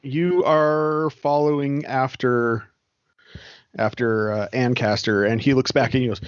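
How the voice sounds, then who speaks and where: A man running a tabletop horror game, laying out each scene in a matter-of-fact way. His voice is mid-pitched, close and dry, with slightly dull, muffled audio. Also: steady tone, measured pace, clean tone, dry recording. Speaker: game master.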